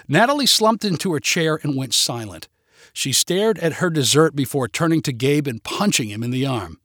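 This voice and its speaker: A man reading a humorous short story aloud with expressive, lively delivery. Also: fairly high pitch, normal speed, no echo, studio quality.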